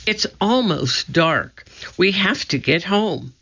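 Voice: mid-range voice, lively intonation, slow, fairly bright tone, breathy edge, pitched above the performer's own voice, full character voice. A narrator voicing a cautious, sensible young boy who sounds worried and skeptical, on a dull lo-fi recording.

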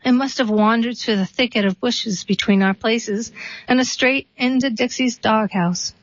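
First a short story, then a poem: a reader with a slightly high voice delivers both at an even, unhurried pace. The recording is dry, echo-free and a bit dull, as if captured up close on a modest mic.

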